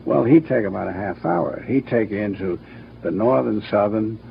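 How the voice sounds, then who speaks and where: An older man with a low, gravelly voice tells stories about his work in a brisk, anecdotal way. He sometimes acts out what people said. The recording is dull with a faint hiss. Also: lively intonation. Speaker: cartoon producer and director. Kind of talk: interview, reminiscing.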